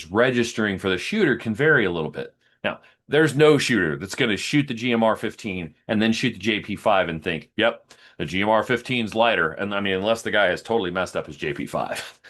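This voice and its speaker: A man's voice: fairly low pitch, fairly bright tone. A man hosting a video, walking methodically through test numbers step by step and explaining each one to viewers. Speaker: host comparing rifles.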